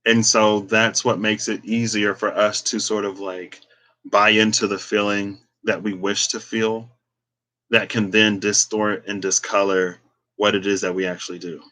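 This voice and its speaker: A man's voice: on the low side, level tone, a little slow, pushed and bright. A man giving a casual, reflective talk on spirituality and tarot, meandering with many fillers as he thinks aloud. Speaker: tarot reader.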